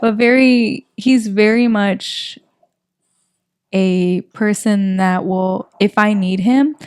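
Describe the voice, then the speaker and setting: A young woman in her twenties tells a personal story as a podcast co-host. Her voice sits at an ordinary pitch and she rambles warmly, leaning on lots of fillers. The recording is dry and close, with no room sound. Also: slow, clean tone, no echo. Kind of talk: casual podcast chat.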